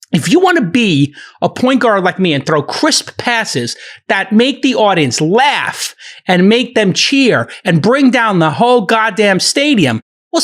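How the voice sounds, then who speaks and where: A middle-aged man moderating a podcast, ranting heatedly in a profane, animated argument. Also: high voice.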